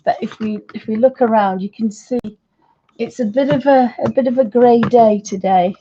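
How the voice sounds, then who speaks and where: A woman in her fifties, hosting an art livestream from her home studio, chatting in a rambling, friendly way with a croaky voice. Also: a little high, normal speed, mellow, dull audio, a little hiss or hum. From United Kingdom. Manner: chatty, rambling, talks fondly to her dog. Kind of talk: casual chat to viewers and pets.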